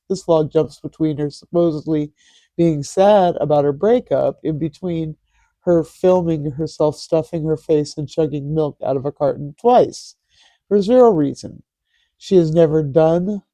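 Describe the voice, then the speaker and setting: A man's voice: fairly high pitch, mellow, no echo. A man hosting a casual commentary vlog, reading posts aloud in a sarcastic, mocking way. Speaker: host.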